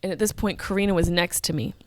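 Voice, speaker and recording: A woman's voice: fairly low pitch, quick pace, no echo, studio quality. Profane, candid woman in her thirties. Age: 30s. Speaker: podcast host. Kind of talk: personal storytelling.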